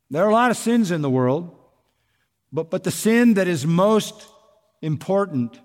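Male preacher, slightly high pitch, emphatic sermon delivery, long hall reverb. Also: darkish tone. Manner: emphatic, repeats key words, rising to stress points.

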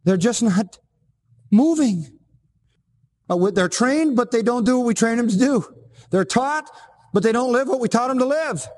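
A man preaching a sermon, emphatic, with repeated phrases and sudden rises in pitch. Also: expressive, normal speed, long pauses, a little mellow, long reverb tail. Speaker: pastor.

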